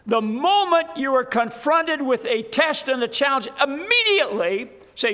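A man with a high voice preaching a sermon at a slow, deliberate pace. He talks earnestly and emphatically, pressing his points home and rising to fervent appeals. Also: expressive, sharp tone.

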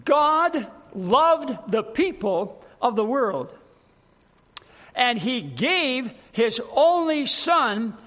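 A man with a strikingly high voice delivers a sermon, lingering over each phrase of scripture and firing rhetorical questions. His pitch rises and falls with lively emphasis as he speaks slowly. The recording sounds dull, with a long hall reverb. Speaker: preacher.

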